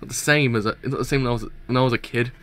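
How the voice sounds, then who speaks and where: A man's voice: medium pitch, fairly even intonation, very fast, fairly bright tone, clear, resonant tone. A young man giving rambling, casual live reaction commentary, often correcting himself. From England. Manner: rambling, self-correcting chatter. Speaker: reaction streamer.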